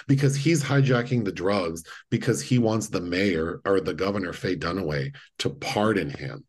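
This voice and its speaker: A man co-hosting a podcast, retelling movie scenes in a casual, animated way and acting out the lines. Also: sits low, normal speed, few pauses, breathy edge. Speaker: podcast co-host. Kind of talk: casual chat.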